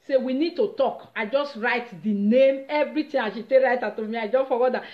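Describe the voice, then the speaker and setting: A woman with a Nigerian accent casually retelling a story on her vlog, animated and dramatic. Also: on the high side, fairly quick. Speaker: vlogger. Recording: roomy, slightly dull recording.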